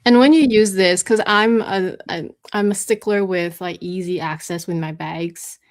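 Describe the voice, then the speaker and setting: A woman's voice: lowish voice, steady tone, normal speed. A woman hosting a live talk show, chatting in a rambling way with lots of fillers and restarts. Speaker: host.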